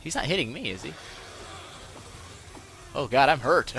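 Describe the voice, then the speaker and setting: A young man hosting a gaming channel, giving excitable let's-play commentary and yelping when things go wrong. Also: mid-range voice, brisk, breathy edge. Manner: excitable, yelps and laughs when in trouble.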